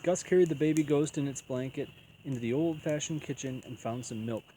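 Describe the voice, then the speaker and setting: A man reading a children's picture book aloud as storyteller, in an even, unhurried way. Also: medium pitch, slight background noise, poor audio.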